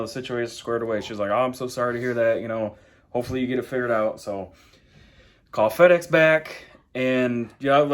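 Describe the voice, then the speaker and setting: A man at home recording a casual vlog, telling a story at length. He rambles, with lots of "I'm like" and "you know". His voice sits at an ordinary middle pitch for a man. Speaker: vlogger. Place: home, dogs in the background.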